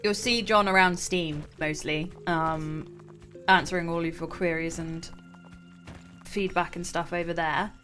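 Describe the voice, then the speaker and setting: A woman co-hosting a casual gaming livestream, chatty and quick to laugh. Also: on the low side, fairly even intonation, fairly bright tone, faint music behind. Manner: giggly, chatty, laughs often. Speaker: stream co-host. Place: gaming livestream with game music behind.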